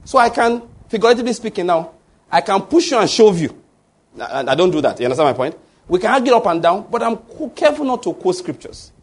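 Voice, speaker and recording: A man's voice: high voice, sing-song, fast. A man preaching a sermon, emphatic and often restarting his words while asking the congregation to fill in the answers. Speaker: pastor.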